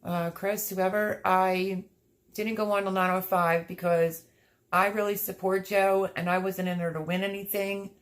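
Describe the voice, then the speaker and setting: Sniffling and teary, a woman hosting a livestream reads viewer comments aloud and chats casually, gushing warmly. Her voice is medium in pitch, level and unhurried.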